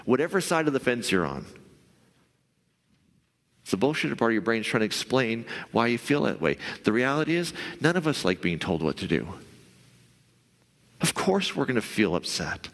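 A male pastor giving a conversational sermon, now and then acting out the voice in your head in a higher, pushier tone. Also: big pitch swings, moderate pace, long pauses, fairly bright tone, big-room sound. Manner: conversational, acts out inner voices in a raised pitch.

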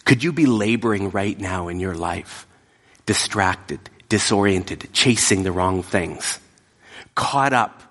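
A man preaching a sermon, emphatic, dropping often into hushed, whispered asides. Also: deep voice, lively intonation, slow pace. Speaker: pastor. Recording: long hall reverb.

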